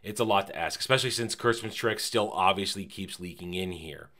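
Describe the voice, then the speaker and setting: A man giving a casual, animated review of a TV episode, repeating phrases for emphasis and swearing now and then. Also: sits low, brisk. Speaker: TV series reviewer.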